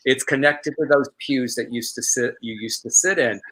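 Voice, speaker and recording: A middle-aged man co-hosts a casual live show, his voice bright and forward. He rambles through his stories, restarting his sentences as he goes. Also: mid-range voice, moderate pace, poor audio. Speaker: co-host.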